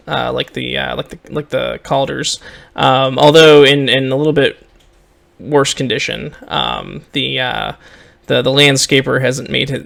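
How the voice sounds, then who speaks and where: A man narrating as game master for a tabletop role-playing game, describing scenes in a halting way. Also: medium pitch, gravelly, a bit bright.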